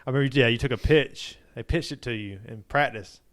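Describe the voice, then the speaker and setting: A man's voice: medium pitch, brisk. Laid-back podcast co-host man. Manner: laid-back, chimes in with short reactions and jokes. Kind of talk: casual chat.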